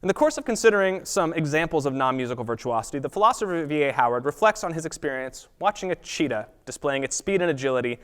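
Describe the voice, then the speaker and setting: A man giving an academic lecture at a college, reading prepared text in a measured way and sometimes correcting himself. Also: fairly high pitch, lively intonation, fairly bright tone, clear, resonant tone. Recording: long reverb of a lecture hall.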